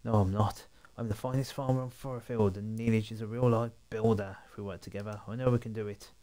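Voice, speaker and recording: A man's voice: on the low side, fairly even intonation, quick pace, warm tone, natural voice. A man voicing an eager, upbeat young farm girl in a video game, reading her lines aloud.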